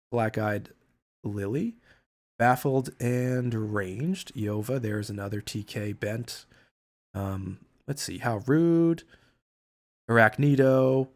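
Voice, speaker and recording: A man hosting a casual livestream chat, rambling, swearing freely and often restarting his sentences. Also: medium pitch. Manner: rambling, profane, with frequent restarts. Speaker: livestream host.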